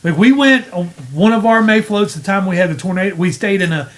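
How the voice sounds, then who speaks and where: Casting: guy, podcast regular, slightly high voice, loose rambling storyteller. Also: brisk, a bit bright. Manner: rambling, laid-back storyteller. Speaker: podcast host. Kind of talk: casual chat.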